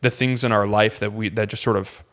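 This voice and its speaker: A man's voice: fairly low pitch, fairly even intonation, fairly quick, a bit bright. A man, a pastor, talking earnestly in casual conversation, with many fillers and restarts.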